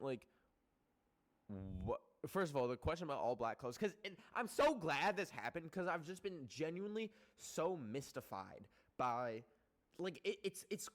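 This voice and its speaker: A young man hosting a casual podcast, rambling with lots of filler words and swearing, jumping from loud outbursts to soft muttered asides. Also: mid-range voice. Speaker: podcast host.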